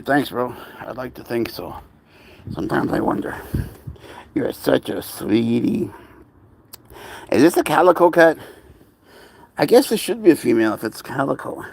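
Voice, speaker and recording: A man with a New York accent talks casually on a livestream, rambling from one thought to the next. He slips into soft, cooing baby talk whenever he turns to his cats. His pitch sits in a middle range for a man. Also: creaky. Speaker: pet owner livestreaming. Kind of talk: casual live stream chat.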